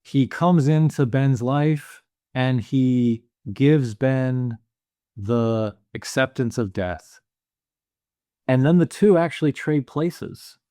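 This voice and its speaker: Male podcast co-host, mid-pitched, musing and casual, dry close sound. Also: takes it slowly, mellow, dry recording. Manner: thoughtful, musing, many "you know" fillers. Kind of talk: casual film discussion.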